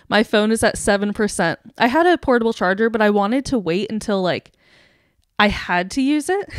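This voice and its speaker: A young woman co-hosting a podcast, telling a story in a casual, animated way, laughing and acting out quotes. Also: on the high side, clear, resonant tone, dry recording, clean studio sound. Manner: animated, giggly, acts out quotes. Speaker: podcast co-host.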